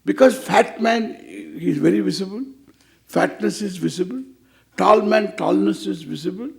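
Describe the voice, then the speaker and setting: A man's voice: sits high, moderate pace, gravelly. An older man teaching a scripture class in a playful, teasing way, acting out little dialogues. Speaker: spiritual teacher.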